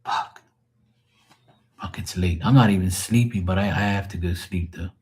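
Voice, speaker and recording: Guy doing a live tarot stream, lowish voice, rambly, swears a ton, laughs at his own stuff. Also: moderate pace, darkish tone, breathy edge. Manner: rambling and heavily profane. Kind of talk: late-night livestream storytelling.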